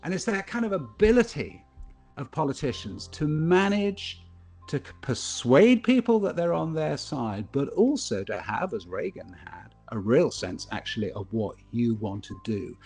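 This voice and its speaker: Gravelly man, thoughtful speaker. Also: medium pitch, unhurried, faint music behind. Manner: thoughtful, anecdotal, animated when telling stories. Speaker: broadcaster and keynote speaker. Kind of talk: reflective speaker Q&A.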